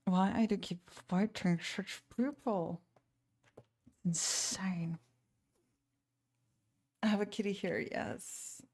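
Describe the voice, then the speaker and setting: A woman's voice: mid-range voice, slow pace, long pauses, darkish tone. A woman streamer and painter chatting casually and venting with frustration, full of restarts and trailing thoughts. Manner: rambling and exasperated, many restarts. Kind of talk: casual live-stream chat.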